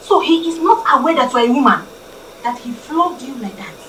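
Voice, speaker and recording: A woman's voice: high-pitched, very animated, fairly quick, a bit bright, slight background noise. An actress playing a protective, indignant mother, speaking Nigerian English. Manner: indignant, scolding. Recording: echoey room, mic far off.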